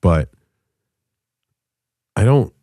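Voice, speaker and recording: A man in his thirties telling a personal story in a candid, profane way, halting often with fillers. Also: warm tone, dry recording, clean studio sound. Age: 30s.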